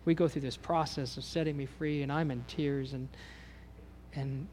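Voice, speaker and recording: Male pastor, slightly high voice, earnest sermon storyteller, faint hum in the church sound. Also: fairly even intonation, a little slow, pauses often. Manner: personal, earnest storytelling with many restarts; swells louder and higher when voicing God's words. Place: church sanctuary.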